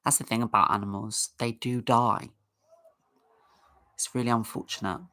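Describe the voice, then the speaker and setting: A woman's voice: extremely low pitch, steady tone, moderate pace, fairly bright tone. A woman hosting a casual livestream, chatting in a rambling way and greeting viewers in the chat. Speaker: livestream host.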